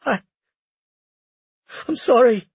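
A young sorceress princess, swinging between guilt and fury, as a male narrator puts her on. She hisses and whispers in a husky, lifted voice. The sound is dull and dry. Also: high-pitched, fairly even intonation, slow, no room sound, voice pushed up, full character voice. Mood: broken.

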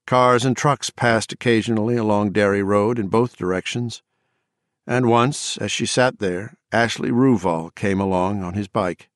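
A man narrating an audiobook in a measured, dramatic storytelling manner. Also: on the low side, no echo, studio quality. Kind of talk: scripted narration.

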